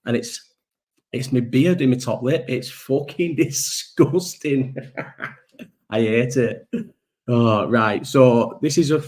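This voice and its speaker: A man's voice: mid-range voice, takes it slowly, pauses often, darkish tone. Lad hosting a loose live chat, sweary and jokey, talking into his laptop mic. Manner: rambling, sweary, jokey banter. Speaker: livestream host. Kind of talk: casual live chat reading viewer comments. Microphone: laptop built-in microphone.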